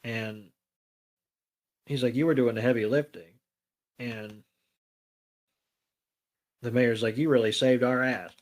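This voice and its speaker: A man's voice: mid-range voice, slow pace, pauses often. A man co-hosting a podcast, casually retelling a cartoon episode with frequent ums and acted-out quotes. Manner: relaxed retelling with many ums and quoted lines. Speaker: podcast co-host.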